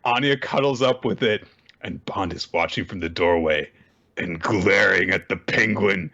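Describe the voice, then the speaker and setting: A man co-hosting a casual manga recap podcast, retelling chapters with animated jumps into high character voices and frequent laughter. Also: moderate pace, highs cut off. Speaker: podcast co-host.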